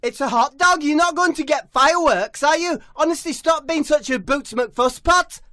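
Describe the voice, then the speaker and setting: A man voicing an excitable, loud young footballer in a high, squeaky voice. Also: normal speed. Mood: exasperated. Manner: shouty and squeaky.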